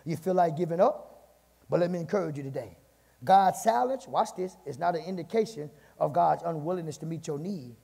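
A pastor preaching a fiery sermon, shouting, chanting and calling out to his congregation in a church. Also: fairly high pitch, a little fast, gravelly, slightly rough. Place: church sanctuary. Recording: long church reverb, congregation faintly behind.

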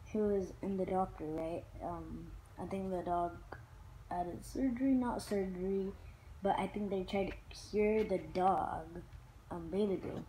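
A woman talking in a rambling personal vlog, halting with many fillers and restarts. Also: medium pitch, warm tone, slight background noise, low-quality recording. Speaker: vlogger.

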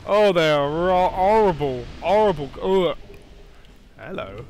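A man giving excitable let's play commentary, jumpy and quick to swear or squeal when scared. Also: on the high side, slight background noise. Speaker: gaming YouTuber.

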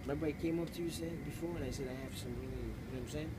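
A man's voice: medium pitch, very fast. A man confronting a stranger on a city street in an aggressive, profane, taunting way. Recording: noisy street recording with traffic.

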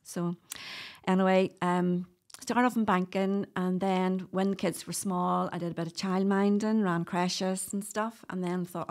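A woman's voice: lowish voice, flat delivery, normal speed, a little mellow. A middle-aged woman with a Northern Irish accent, chatting as a podcast guest and telling stories with frequent laughs. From Northern Ireland. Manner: chatty, storytelling, laughs often. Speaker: guest doula. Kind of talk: casual podcast interview.

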